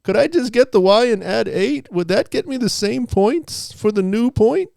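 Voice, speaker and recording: A man putting on the voice of an eager, hesitant young student asking a math question, high and pleading with fillers. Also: expressive, moderate pace, vocal fry, darkish tone, dry recording, clean studio sound, full character voice.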